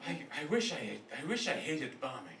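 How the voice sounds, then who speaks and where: A man roasts from a comedy club stage, loose and self-mocking. His voice sits fairly high and reaches the mic from a distance. The club sound is echoey and noisy. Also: big pitch swings, a little fast. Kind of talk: live stand-up roast.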